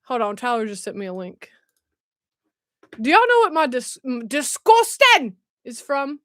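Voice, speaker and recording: A woman's voice: on the high side, very animated, normal speed, no room sound, clean studio sound. A woman hosting a casual livestream. She chats, laughs often and reads viewer comments aloud. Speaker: livestream host. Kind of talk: casual live chat.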